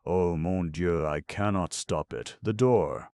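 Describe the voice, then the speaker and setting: A man voicing an agitated man at a séance, with a high voice that cracks with fear. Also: takes it slowly, a little mellow, clean tone, no room sound. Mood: panicked. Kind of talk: audiobook character voice.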